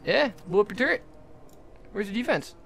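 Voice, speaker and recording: A young adult livestreamer giving jokey, excitable commentary while playing, often talking to the game's characters. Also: mid-range voice, brisk, gravelly, soft background music. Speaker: gaming livestreamer. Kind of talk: live gameplay commentary.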